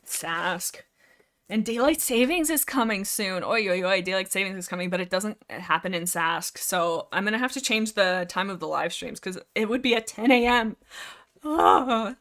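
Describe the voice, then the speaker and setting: A young woman from Canada hosting a casual livestream chat about books, rambling and animated, reading chat aloud. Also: medium pitch, normal speed. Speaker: livestream host.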